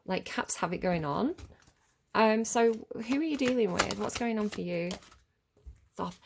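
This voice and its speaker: Gravelly woman giving a tarot reading. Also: on the high side, lively intonation, moderate pace, a little hiss or hum. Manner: rambling, chatty, swears freely. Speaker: tarot reader. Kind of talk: casual tarot reading monologue.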